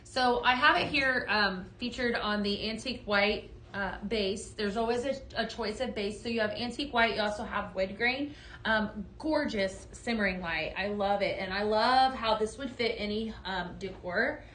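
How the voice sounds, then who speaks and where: Bright-voiced woman hosting a live sale, gushing and upbeat, in an echoey studio. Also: mid-range voice, normal speed, slight background noise. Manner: gushing, upbeat sales talk; talks straight to viewers. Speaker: host of a live home-decor sales stream. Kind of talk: live product demo chat.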